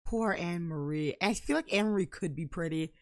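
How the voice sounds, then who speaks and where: A young woman commenting casually on her life-simulation game, playful and giggly, with sudden loud bursts of excitement. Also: fairly low pitch, moderate pace, dry recording. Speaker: gameplay commentator. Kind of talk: casual let's-play commentary.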